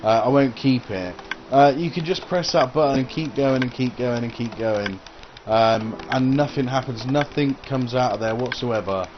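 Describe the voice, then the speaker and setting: A man's voice: medium pitch, normal speed, noisy background. A man giving casual gameplay commentary as a gaming channel host, rambling and hesitant with lots of uh and um. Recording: dull lo-fi recording.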